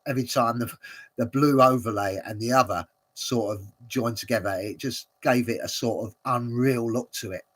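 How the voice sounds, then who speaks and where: A man's voice: medium pitch, normal speed, fairly bright tone. A man hosting a watch-along, commenting casually and rambling with many fillers and frequent chuckles.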